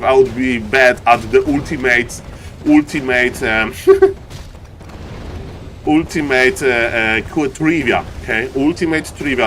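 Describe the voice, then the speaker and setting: A man's voice: medium pitch, slight background noise. A man casting a live strategy-game match as an esports streamer, hyped and playful, with showman patter and rambling asides. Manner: hyped, showman patter, keeps saying "ladies and gentlemen".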